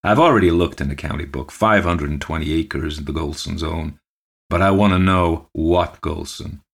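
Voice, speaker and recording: Stern, curt bureaucrat, deep voice; male reader voices him. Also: moderate pace, gravelly, full character voice. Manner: austere, curt, sneering. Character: stern humorless male government official.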